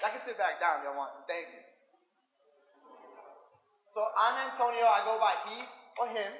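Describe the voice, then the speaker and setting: A man in his thirties from the South Bronx with an African American English accent, giving an energetic, talkative and joking casual talk to students. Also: high-pitched, normal speed, husky. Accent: African American English, New York. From South Bronx, New York. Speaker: guest speaker. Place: school event room. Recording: long reverb hall.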